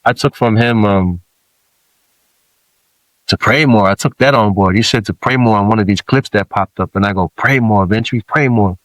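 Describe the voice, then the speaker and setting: Earnest low-voiced man, from Samoa. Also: normal speed, pauses often, a bit bright, no room sound, rough recording. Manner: reflective, earnest, with frequent restarts. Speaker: podcast guest. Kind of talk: candid podcast conversation.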